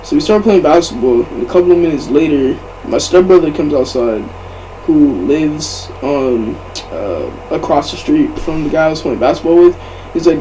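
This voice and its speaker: A man's voice: on the high side, animated, moderate pace, dark tone, a little hiss or hum, poor audio. A young man in his teens telling a storytime vlog in a casual way, full of swearing and fillers. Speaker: vlogger.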